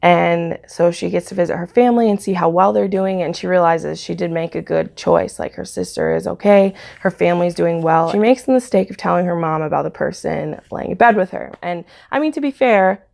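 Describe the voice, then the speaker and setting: A woman with a low, strongly gravelly voice chats her way through a book's plot for her review vlog. She rambles casually and fills gaps with "um" and "like". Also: brisk, hardly any pauses, a little mellow. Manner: chatty retelling, frequent "um" and "like". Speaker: book reviewer.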